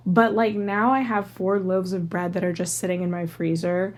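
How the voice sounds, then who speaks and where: A woman's voice: fairly low pitch, level tone, normal speed. A woman in her thirties hosting a solo podcast, rambling casually through tangents with lots of "like" fillers. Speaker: podcast host.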